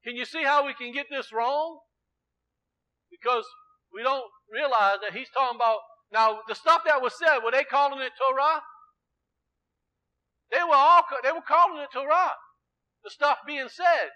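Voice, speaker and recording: A male preacher with a high, bright, ringing voice delivers an emphatic sermon, repeatedly quizzing listeners and swinging between loud exclamation and low, quiet explanation. He speaks at a moderate pace with frequent pauses, and the audio is poor.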